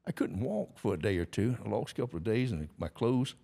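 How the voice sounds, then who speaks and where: An elderly Georgian guest in his 80s, his voice lowish, gravelly, and dark, tells a very animated, slightly fast story in a casual podcast interview. He keeps laughing and talks in a folksy manner with simple rural grammar.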